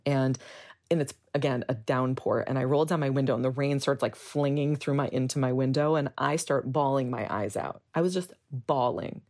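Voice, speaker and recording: A woman's voice: a bass voice, moderate pace. A woman who works as a hospital chaplain, recalling her experiences in a candid, rambling interview. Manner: animated, rambling storytelling with fillers.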